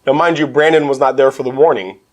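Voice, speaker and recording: A man's voice: medium pitch, fairly even intonation, quick pace, crowd noise. A man hosting a casual chat, telling a funny story with lots of laughter. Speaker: host.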